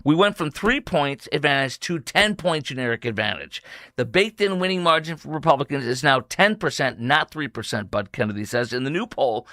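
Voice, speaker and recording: A man's voice: fairly high pitch, sharp tone, dry recording, studio quality. A male radio talk show host delivering an opinionated, combative monologue with ad reads, speeding up in emphatic bursts.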